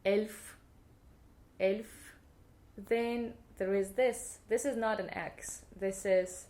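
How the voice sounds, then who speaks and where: A language teacher with a Russian accent runs a playful video lesson on the alphabet, sounding out each letter slowly and repeating it for the viewer. Her voice is mid-range and warm, with fairly even intonation.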